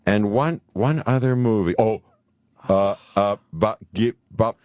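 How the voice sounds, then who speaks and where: A man's voice: lowish voice, slow pace, a little mellow, no echo. A man chatting as a guest on a radio talk show, rambling and playful, slipping into quoted voices. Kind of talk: casual chat. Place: radio studio.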